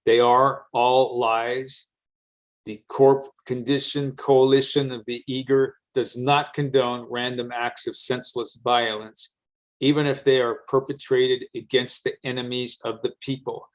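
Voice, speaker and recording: A man's voice: mid-range voice, flat delivery, a little slow, natural voice, low-quality recording. A man reading a stern militant statement. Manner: formal, declaiming.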